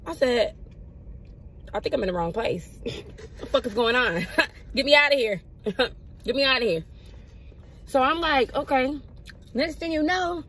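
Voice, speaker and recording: A young woman vlogger telling a casual storytime, animated and slangy, swinging her pitch up for emphasis. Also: a little hiss or hum, poor audio.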